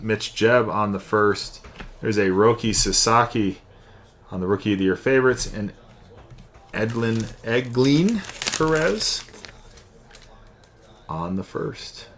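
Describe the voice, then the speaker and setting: Bright-voiced man calling card breaks. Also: lowish voice, a little hiss or hum. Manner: chatty, excited calls of each card. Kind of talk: live card-opening stream.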